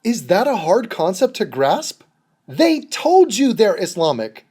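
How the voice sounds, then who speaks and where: Young male reaction host, sarcastic and profane, very lively intonation. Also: high-pitched, a little slow, breathy edge. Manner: sarcastic, mocking, swears often. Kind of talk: profane mocking commentary over a clip.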